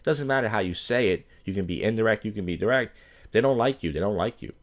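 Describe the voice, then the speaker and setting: A man's voice: on the low side, expressive, quick pace. A man, an open mic comedian, ranting to camera in a crude, rambling way, swearing constantly and full of fillers and restarts. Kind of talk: profane rambling rant to camera.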